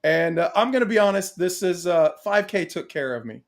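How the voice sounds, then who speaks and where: A man co-hosting a casual podcast chat, rambling and excitable, laughing often. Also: high voice, fairly quick, creaky. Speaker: podcast co-host.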